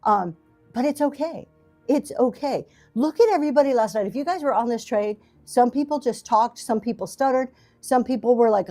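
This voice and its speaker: With faint music behind her, a middle-aged woman talks to livestream viewers from her basement through a camera set in front of her. She sells and hosts a talk show, and her mellow, slightly high voice carries a rambling, self-deprecating, encouraging chat packed with fillers.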